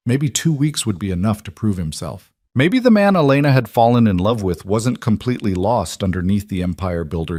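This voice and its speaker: A man narrating a romance story in a calm, steady scripted reading. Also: lowish voice, no room sound, clean studio sound.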